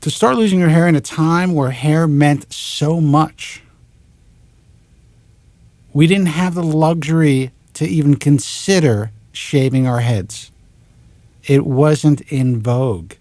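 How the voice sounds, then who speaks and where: A man's voice: fairly high pitch, slow pace, no room sound. Exasperated New York man ranting on air. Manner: animated, exasperated, swears in clipped letters. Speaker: talk show host. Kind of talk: ranting monologue. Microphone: close studio mic.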